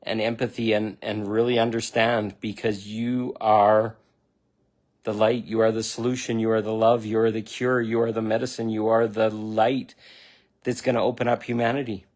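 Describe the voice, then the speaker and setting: A man's voice: on the low side, little pitch movement, moderate pace, a little mellow. A middle-aged man speaking as a spiritual self-help speaker, earnest and repetitive, talking straight to the listener in an emotional motivational monologue. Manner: earnest, repetitive, near tears at times; affirming, speaks directly to the listener.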